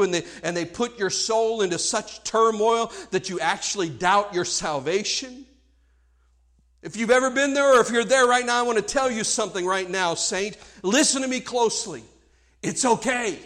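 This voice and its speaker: A male preacher delivering a sermon, impassioned, swinging between hushed and loud passages and repeating words as he presses a point. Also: high-pitched.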